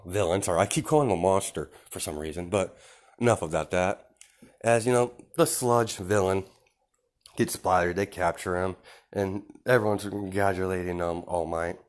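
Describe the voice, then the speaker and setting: A man with a fairly low voice retells a fan story off the cuff. He rambles, leans on fillers, and keeps correcting himself as he goes.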